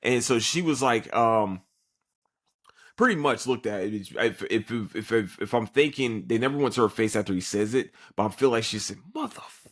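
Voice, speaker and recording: A man recaps an anime episode in a loose, profane podcast chat. His voice sits fairly low, and he keeps slipping into quick, exaggerated character voices. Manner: animated storyteller who acts out characters in quick put-on voices; swears freely, loose and joking.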